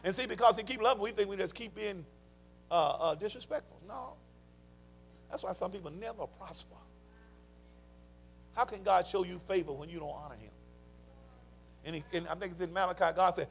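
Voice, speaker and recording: An older Southern US man preaching in church, his voice sitting high and carrying a gravelly edge. He mixes folksy stories with fervent calls of praise and response. The delivery is a warm sermon, full of conviction. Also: a little fast. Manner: folksy storytelling. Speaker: pastor. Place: church sanctuary.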